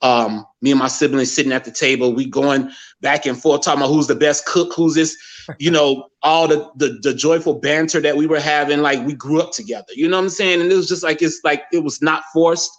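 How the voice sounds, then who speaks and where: A middle-aged man from Gary, Indiana speaks as a guest, his voice sitting a little high. He tells a personal story with feeling and animation, restarting sentences and lifting his voice sharply to quote his relatives. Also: fairly even intonation, brisk.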